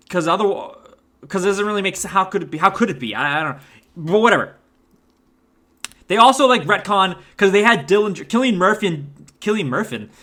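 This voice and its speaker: A man's voice: fairly high pitch, sharp tone. A man ranting through a movie review, exasperated and swearing, stumbling over restarts and repeated words. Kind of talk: rambling rant review.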